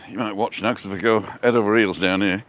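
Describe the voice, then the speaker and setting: A man's voice: fairly low pitch, fairly even intonation, fast talker, fairly bright tone. A middle-aged man hosting a casual live stream as he walks outdoors through town streets, chatting and reading out viewer comments with a joking manner.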